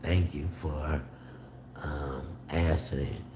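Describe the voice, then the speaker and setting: Slow, deep-voiced man on a livestream. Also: steady tone. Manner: slow, drawling, gets indignant replying to comments. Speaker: livestream host. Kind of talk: casual livestream chat. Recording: echoey room with noticeable background noise.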